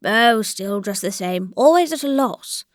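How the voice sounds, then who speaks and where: A woman reading the lines of an old grey-whiskered country landowner, speaking in a measured, reflective and mildly complaining way, in a dry recording. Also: medium pitch, lively intonation, no echo, natural voice.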